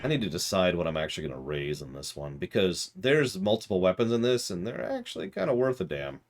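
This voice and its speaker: A man's voice: low voice, very animated, fast talker, slight background noise. A man streaming a video game, chatting along with sarcastic asides. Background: game music.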